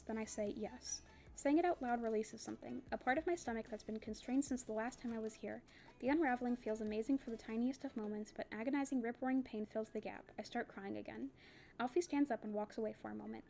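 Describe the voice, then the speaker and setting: Woman, slightly high voice, reading a novel aloud, soft and subdued. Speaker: audiobook reader.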